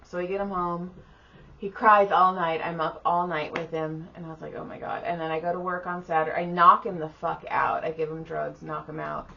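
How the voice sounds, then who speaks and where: Sounding worn out, this podcast co-host, a middle-aged woman, swears her way through a lively retelling, quoting the characters in their own voices. Her gravelly voice runs low and a little fast, captured on slightly dull audio over faint room noise.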